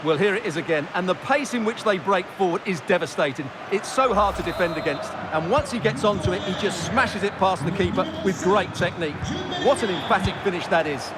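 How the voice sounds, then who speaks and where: A man giving calm football co-commentary analysis for a video game, often opening with "well". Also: high voice, a little fast. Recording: game audio with loud background noise.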